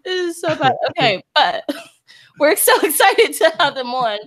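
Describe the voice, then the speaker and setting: A woman's voice: sits high, sing-song, unhurried, a bit bright. A woman co-hosting a podcast in casual chat, teasing and giggling often. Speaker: podcast co-host.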